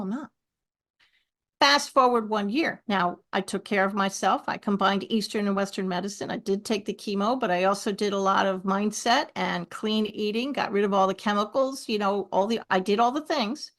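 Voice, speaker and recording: A middle-aged woman, a podcast guest, telling stories with lively asides. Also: mid-range voice. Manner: animated storyteller, lively asides. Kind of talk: podcast conversation.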